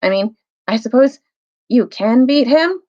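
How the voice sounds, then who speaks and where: A woman's voice: a little high, animated, unhurried, dark tone, voice pushed up. A woman voicing a young male prince who speaks in a hesitant, questioning way. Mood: uneasy. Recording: dull lo-fi recording.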